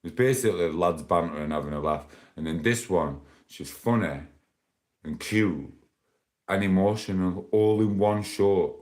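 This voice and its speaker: Very deep-voiced chatty man. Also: a little slow, a little mellow. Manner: rambling, chatty, laughs often. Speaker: livestreamer. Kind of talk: casual live stream chat.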